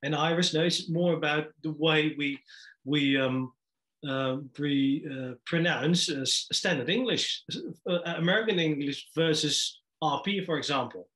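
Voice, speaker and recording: A man interviewing an expert, asking his question in a halting, hesitant way with many fillers. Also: a little high, a bit bright.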